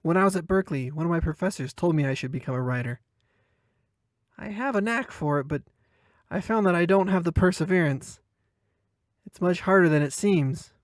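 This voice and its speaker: A man voicing a friendly, cheerful young woman in a read-aloud short story, lifting his pitch and keeping her bright and chatty. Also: animated, a little fast, long pauses, dry recording, clean studio sound, close to an everyday voice.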